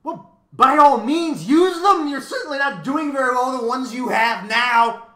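A man's voice: medium pitch, animated, normal speed, fairly bright tone, roomy sound, natural voice. A man doing a cackling word-snatching bird. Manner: cackling, gleeful, twists words.

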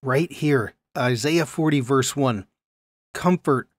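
A man in a middle register teaches a Bible lesson to camera, animated and conversational. He keeps checking in with his viewers as he explains. The recording is dry and close, with no room sound. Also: mid-range voice, measured pace, dry recording.

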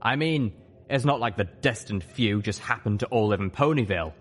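A man voicing an ancient male dragon who explains things rapidly and earnestly. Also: on the low side, animated, slightly rough.

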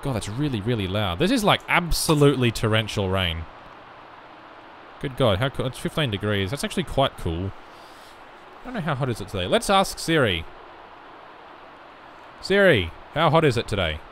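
A young man giving casual let's play commentary, muttering through menu choices with sudden loud bursts of excitement. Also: medium pitch, moderate pace, long pauses. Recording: noisy background with game rain.

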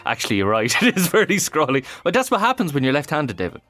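A man's voice: on the high side, wildly swooping pitch, fast, fairly bright tone, dry recording, soft background music. An Irish man hosting a breakfast radio show, chatty and jokey, laughing often.

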